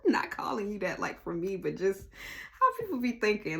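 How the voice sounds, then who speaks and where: Blunt, animated woman doing a tarot reading. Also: mid-range voice, moderate pace. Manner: animated, blunt, swears freely, talks straight to the viewer. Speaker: tarot reader. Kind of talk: casual tarot reading to viewers.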